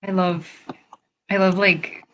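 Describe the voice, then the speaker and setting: A woman's voice: on the low side, flat delivery, takes it slowly, a bit bright, a little hiss or hum. A young woman hosting a casual livestream from home, chatting, reading viewer comments aloud and laughing often. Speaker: livestream host and writer.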